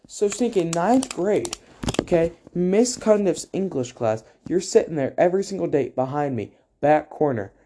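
A man's voice: a little high, expressive, moderate pace, noisy background. A teenage boy giving a rambling, joking tribute to a friend, full of fillers and asides. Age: teens. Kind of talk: casual spoken tribute to a friend.

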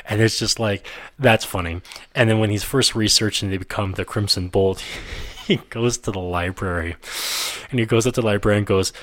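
Low voiced dude on a movie podcast, excitedly recapping scenes, dry sound. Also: male voice, no room sound. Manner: animated retelling of scenes, quick asides. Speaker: podcast co-host. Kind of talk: casual film review chat.

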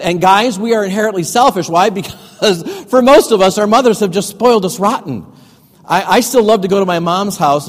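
A man's voice: high voice, long reverb tail. A middle-aged male pastor preaching a sermon in a folksy, joking way, laughing at his own stories.

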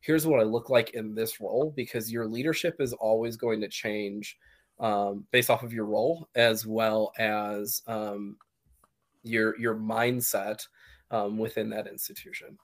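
Mid-pitched man answering haltingly. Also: steady tone. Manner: hesitant, many fillers and restarts. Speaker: podcast guest, college leader. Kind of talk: interview answers.

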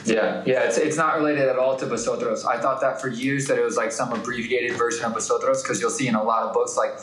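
A man co-hosting a casual chat about language, telling stories and thinking aloud in a relaxed way. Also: mid-range voice, quick pace, roomy sound, a little hiss or hum, low-quality recording. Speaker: podcast co-host.

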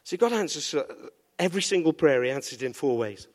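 Pastor preaching in an echoey hall. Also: male voice, fairly high pitch, fairly quick. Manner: animated, playful, call-and-response. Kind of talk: sermon.

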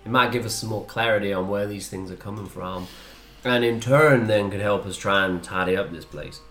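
A man's voice: lowish voice, a little fast, bright, forceful tone, roomy sound. A man playing a tabletop game, chatting in character in a blunt, joking way. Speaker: player. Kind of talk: casual in-character chat.

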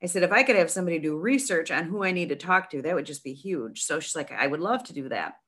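A middle-aged woman telling a long story in a casual interview, chatty and animated, with many restarts. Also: on the low side, fast talker, breathy edge. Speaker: nonprofit founder, guest.

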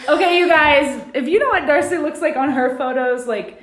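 This podcast co-host has a high-pitched, slightly bright voice and talks at a moderate pace. Laughing and chatting through a TV show recap, she leans heavily on "like" as a filler. There's no proper mic, and the room is echoey.

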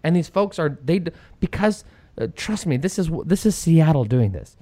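A man's voice: fairly high pitch, brisk, no echo. A middle-aged man hosting an opinionated political talk show, telling stories sarcastically and mocking the people he quotes. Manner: sarcastic, lively storytelling with mocking quoted voices. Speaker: radio talk show host.

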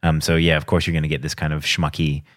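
A man's voice: a bass voice, quick pace. A man co-hosting a casual movie review chat, telling stories with lots of fillers. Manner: animated storyteller, hedging with fillers. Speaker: podcast co-host. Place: former cinema worker.

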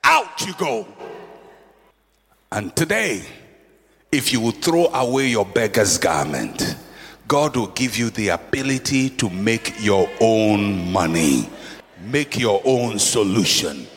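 Preacher man, high and gravelly, dramatic sermon, long hall reverb. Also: very animated, takes it slowly. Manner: dramatic, swings from soft to shouting.

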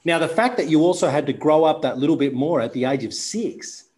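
A man hosting a podcast, talking deliberately and reflectively as a coach to his guest. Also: a little high, expressive, a little mellow.

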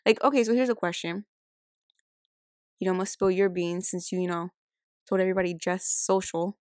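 A woman's voice: fairly low pitch, steady tone, a little mellow, no room sound, clean studio sound. A young woman co-hosting a podcast, teasing and blunt in casual back-and-forth banter. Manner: teasing, blunt, quick to interject. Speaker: podcast co-host.

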